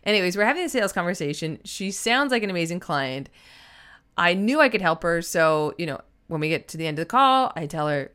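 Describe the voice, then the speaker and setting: A woman's voice: on the low side, expressive, a little fast, bright, forceful tone, clean tone. A woman in her thirties hosting a solo business podcast, chatty and emphatic, acting out quotes in playful voices. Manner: chatty, emphatic, puts on voices when quoting. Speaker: podcast host and business coach.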